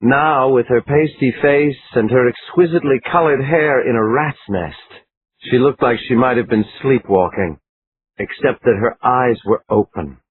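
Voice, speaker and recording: A man reading a crime thriller audiobook in a dramatic, expressive way. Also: mid-range voice, normal speed, slightly rough, no room sound. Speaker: audiobook narrator. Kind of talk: scripted narration. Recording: lo-fi phone-like line, faint hiss.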